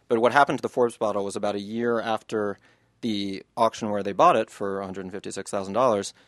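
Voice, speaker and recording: A man's voice: lowish voice, no echo, clean studio sound. A man, an author, reading passages from his book to an audience and then answering questions in a loose, chatty way.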